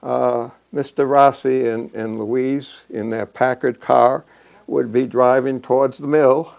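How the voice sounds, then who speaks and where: An older man telling local history and childhood memories in a halting way, full of fillers and restarts. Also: mid-range voice, fairly even intonation, creaky, a little mellow. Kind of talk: reminiscing talk.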